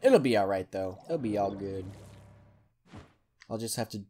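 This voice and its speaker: Hyper, excitable man doing game commentary. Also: lowish voice, moderate pace, slight background noise. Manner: hyper, excitable, yells at opponents. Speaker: gaming channel host. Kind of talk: let's play gameplay commentary.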